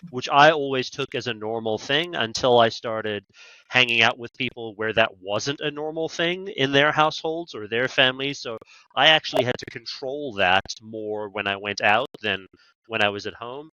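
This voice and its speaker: A man's voice: mid-range voice, moderate pace, sharp tone, smooth, no room sound, lo-fi sound. A man with a Canadian accent, a podcast guest talking about negotiation training in a conversational interview, telling stories animatedly with quoted asides.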